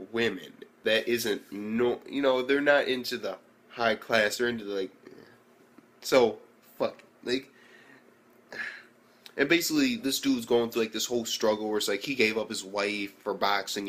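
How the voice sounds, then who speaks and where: A man's voice: on the low side, fairly bright tone. A man giving a casual, rambling video review of an anime, swearing constantly and acting out the scenes as he goes. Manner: profane, rambling, acts out scenes.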